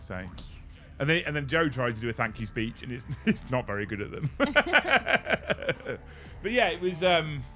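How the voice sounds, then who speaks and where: A man hosting a casual chat, telling an animated story and swearing freely. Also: a little high, unhurried, pauses often, soft background music. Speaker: host.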